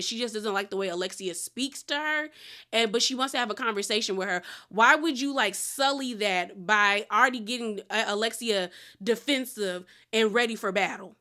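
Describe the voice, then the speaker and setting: A woman with a somewhat high, bright, crisp voice chats through a reality TV recap. She is opinionated and slangy, and she drops into quick quoted lines from the cast as she goes. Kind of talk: casual chatty episode recap.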